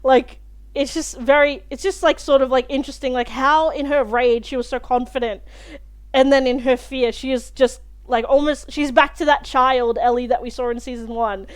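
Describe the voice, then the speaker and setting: High-voiced chatty woman reviewing a show. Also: normal speed, clear, resonant tone. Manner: animated and chatty, swears freely, many fillers. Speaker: reaction video host. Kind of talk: casual spoken review of a TV episode.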